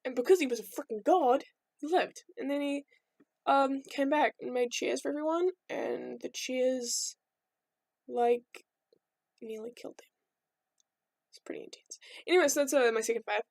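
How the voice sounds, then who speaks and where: A young woman tells myths in a loose, irreverent vlog ramble. Her voice sits high and bright. The sound is close and dry, with no room around it. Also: moderate pace, gravelly, no echo. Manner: rambling, irreverent, jokey asides. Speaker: vlogger. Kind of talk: casual storytelling.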